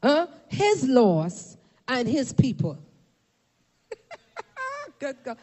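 A woman preaching a fervent sermon to a congregation, shouting at peaks and calling for responses, filmed for a camera. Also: high voice, sing-song, slow pace, long pauses. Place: church or meeting hall. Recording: long hall reverb.

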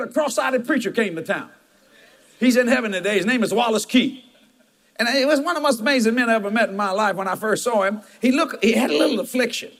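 With a notably high, fairly bright voice, a pastor delivers his sermon, blending firm statements, folksy storytelling punctuated by chuckles, and emphatic remarks to his congregation.

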